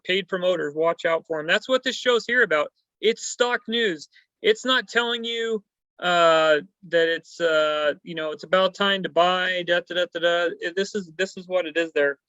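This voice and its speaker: A man's voice: high voice, sharp tone, no echo, muffled recording. A man hosting a stock news chat, talking casually and rambling with many fillers and hesitations. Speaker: stock show host.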